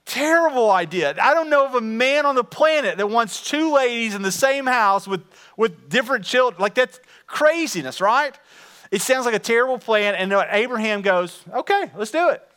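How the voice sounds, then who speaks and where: A man delivers a sermon to his congregation, his voice sitting high and ringing bright. He keeps it conversational and animated, leaning in and talking directly to the room. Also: normal speed, smooth. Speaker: pastor. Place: church.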